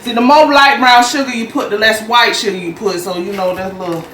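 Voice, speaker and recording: Fairly quick and steady in tone, the host's mid-range voice sounds far from the mic in a roomy kitchen with faint hum. Hailing from Jacksonville, Florida, with a Southern US accent, they chat folksily with "y'all" while walking through a recipe step by step at home.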